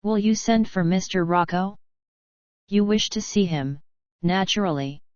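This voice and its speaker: A woman voicing a brisk, decisive wealthy American man in an audiobook. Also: medium pitch, a little mellow, dry recording, dull audio, lightly acted. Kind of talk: audiobook narration.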